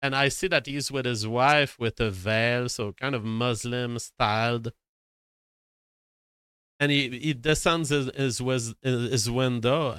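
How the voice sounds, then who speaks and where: A man's voice: mid-range voice, pushed and bright, clean tone, no echo. A man from Canada telling a rambling, profane, self-dramatizing anecdote. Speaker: storyteller. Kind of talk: casual anecdote.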